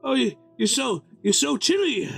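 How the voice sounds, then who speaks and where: A man's voice: extremely high pitch, very animated, moderate pace, vocal fry, fairly bright tone, soft background music, heavily acted. A man voicing a fretful, kindly middle-aged orchard owner who fusses over his guests and is easily scandalized.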